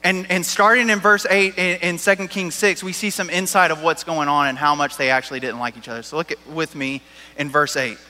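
A man's voice: on the high side, fairly even intonation, brisk, sharp tone, long reverb tail. A man preaching a sermon as a pastor, talking in a casual, joking way with lots of "like" and "right?".

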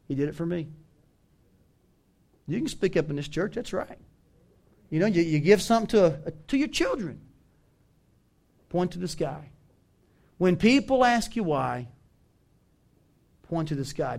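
A man with a Southern US accent preaching a sermon as pastor, animated and emphatic, calling on the congregation to respond. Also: high-pitched, measured pace, vocal fry, long pauses. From American South.

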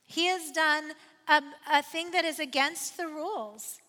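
A woman's voice: high voice, measured pace, bright, forceful tone, big-room sound. A woman pastor preaching a sermon, conversational and personal, building to emphatic repeated refrains.

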